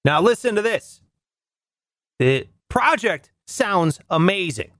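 Lively riffing comedy host. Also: male voice, takes it slowly, no room sound, studio quality. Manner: riffing, sarcastic, jumps in pitch for jokes. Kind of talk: comedic news commentary.

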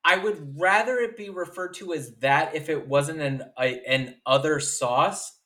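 A man's voice: a little high, a little slow, a bit bright. A man co-hosting a podcast in casual chat, ranting in exasperation and swearing freely. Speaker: podcast co-host.

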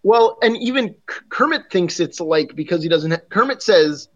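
A man's voice: sits high, animated, moderate pace. A man co-hosting a podcast in casual chat, musing aloud with hesitant restarts. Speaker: podcast co-host. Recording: dull lo-fi sound.

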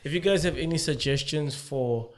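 A man's voice: fairly high pitch, moderate pace. A man co-hosting a podcast in casual chat, laid-back and slangy, trailing off with fillers. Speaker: podcast co-host.

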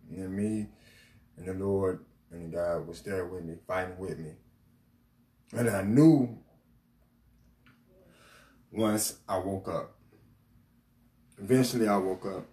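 Low-voiced man telling a halting story. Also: a little mellow. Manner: halting, emotional, repeats "literally" and restarts. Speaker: podcast host. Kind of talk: personal storytelling podcast. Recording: roomy echo, mic at a distance, faint ambience.

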